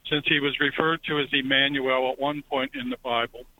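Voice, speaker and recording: Male caller, very bright tone, earnest and halting, faint line hiss. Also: mid-range voice, steady tone, rough recording. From North Carolina. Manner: earnest, hesitant, restarts. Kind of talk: phone-in question.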